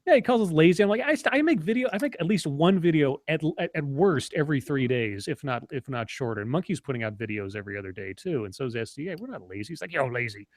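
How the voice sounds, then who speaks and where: A man's voice: mid-range voice, lively intonation, quick pace, hardly any pauses, dry recording. A man co-hosting a casual online chat, telling long stories with many fillers and restarts. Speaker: podcast co-host.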